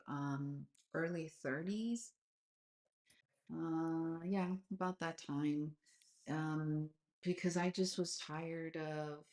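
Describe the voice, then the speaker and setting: Low-voiced woman in her forties, rambling. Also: echoey room. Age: 40s. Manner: animated, rambling, lots of fillers. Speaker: host. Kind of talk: casual video call chat. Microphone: video call.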